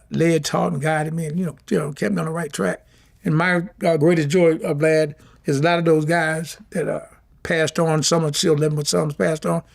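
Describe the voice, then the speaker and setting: A middle-aged man talks quickly and earnestly in a casual interview. His voice is gravelly and sits a little high for a man. He circles back over his words as he goes. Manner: heartfelt, drawn-out, repeats himself. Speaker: former boxing champion, guest.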